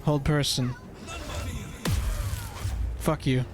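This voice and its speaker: A man's voice: mid-range voice, level tone, very slow, faint music behind, a faint crowd. Swearing, exasperated male game streamer. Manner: swears a lot, exasperated muttering to himself. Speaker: streamer playing a role-playing video game. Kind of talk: casual gameplay commentary.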